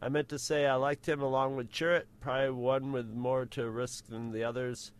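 A man's voice: mid-range voice, little pitch movement, normal speed, clean tone, dry recording. A man co-hosting a podcast, casually reading listener feedback aloud and rambling through his own asides. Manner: rambling, self-correcting. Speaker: podcast co-host.

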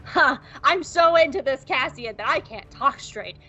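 A woman co-hosting a podcast, recapping an episode in a casual, profane, playful way and acting out characters' lines in quick bits. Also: high voice, animated, sharp tone, dull audio. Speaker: podcast co-host.

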